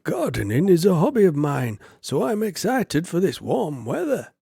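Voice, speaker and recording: A man's voice: fairly high pitch, big pitch swings, moderate pace, creaky, warm tone, slightly rough, dry recording, pitched above the performer's own voice, full character voice. Man reading friendly old village mayor, game dialogue, slightly raised voice, dry sound. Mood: pleased.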